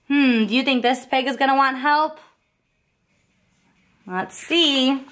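A woman teacher reading a picture book aloud to young children, expressive and asking them questions. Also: high voice, slow pace, pauses often.

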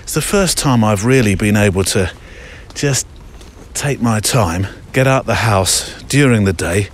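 A somewhat low-voiced man talks easily as he walks outdoors, rambling a little and reading listener emails aloud. He sounds like a podcast host speaking into a handheld recorder. Faint outdoor ambience sits behind him. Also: measured pace, a little hiss or hum. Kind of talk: walking podcast narration. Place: outdoors on a country walk.

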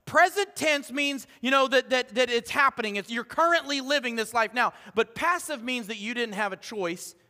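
Man, middle-aged pastor; animated sermon delivery with hushed asides, bright tone, long church echo. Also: extremely high pitch, moderate pace, few pauses. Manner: animated, joking asides, swings between loud and hushed. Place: church sanctuary. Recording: long hall reverb.

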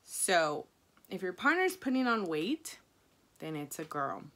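A young woman with a Mexican-American accent chats candidly to the camera about her pregnancy. Her voice sits a little low but leaps into high, excited bursts whenever she acts out what she once said. She talks casually, with plenty of fillers. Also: measured pace, slight background noise. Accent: Mexican-American English. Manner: chatty, animated, quotes herself in high excited bursts. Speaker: vlogger.

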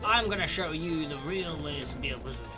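Man, crude jokey banter, co-op gameplay, very lively pitch. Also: a little fast. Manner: crude, jokey, swearing often. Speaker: gamer. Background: loud game music.

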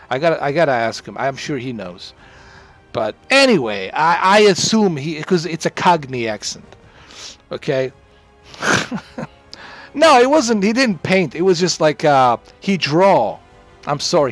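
A man chatting on a livestream in a boastful, rambling, profane way. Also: mid-range voice.

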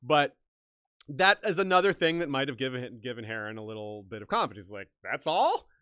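A man talks through history in a loose, thinking-aloud way, restarting sentences as ideas come to him. His voice is bright and forward, recorded very dry and close. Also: medium pitch, fairly even intonation, brisk, clear, resonant tone, no room sound. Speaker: podcast host. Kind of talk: casual history discussion.

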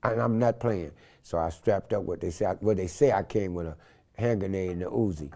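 Older man, animated storyteller, interview guest. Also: deep voice, fairly quick, vocal fry. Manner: animated storyteller acting out quotes in loud shifts.

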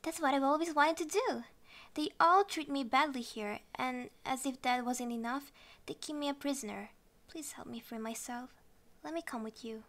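Small shy boy ball, timid, pleading, highish; woman voicing. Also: normal speed, fairly bright tone. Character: shy imprisoned little male purple ball.

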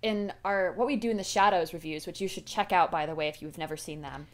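A woman co-hosting a podcast, chatting casually as a fan, animated and laughing often as she acts out reactions. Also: fairly low pitch, fast. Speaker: podcast co-host.

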